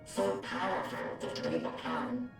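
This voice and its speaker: An actor playing a calm, detached male android in a game cutscene, speaking in a formal, measured way with a processed robotic timbre. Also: sits high, creaky, full character voice. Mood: calm recounting. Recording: echoey, distant robot voice under loud music.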